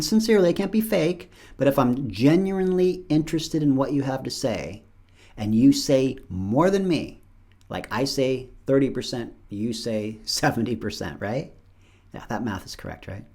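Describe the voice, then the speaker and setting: A man's voice: medium pitch, darkish tone. A middle-aged man hosting his show, talking casually and alone, acting out bits of dialogue with playful voices. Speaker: show host. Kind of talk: casual solo monologue.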